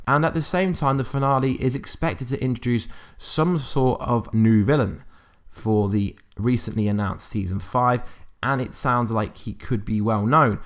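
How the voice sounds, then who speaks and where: A man hosting his own fan channel, talking at a middling pitch. He reads quotes out and then thinks aloud about them, with plenty of ums and restarts. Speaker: YouTube fan channel host. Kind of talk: casual commentary on TV news.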